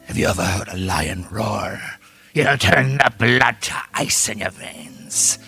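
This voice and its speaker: A man imitating an old male big-game hunter and professor who speaks in a slow, ominous drawl. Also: on the low side, creaky, sharp tone, husky, soft background music, voice pushed down, exaggerated voice.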